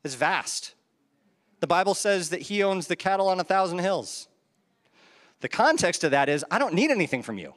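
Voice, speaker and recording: A man's voice: high-pitched, very animated, moderate pace, pauses often, fairly bright tone. A man preaching a sermon into a handheld microphone, conversational, with rhetorical questions and chuckles at his own asides. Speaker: pastor. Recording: reverberant hall.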